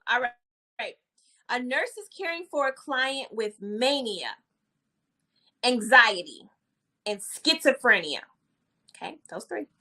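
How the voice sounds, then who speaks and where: A woman running a live-stream nursing exam review, lively and teasing, repeating phrases and chatting with her viewers. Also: fairly high pitch.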